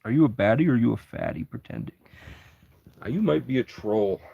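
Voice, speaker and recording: A man's voice: mid-range voice, animated, fairly quick, creaky, mellow, husky, lo-fi sound. A man livestreaming and chatting to his viewers, rambling and swearing as he talks. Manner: profane, rambling, answers chat.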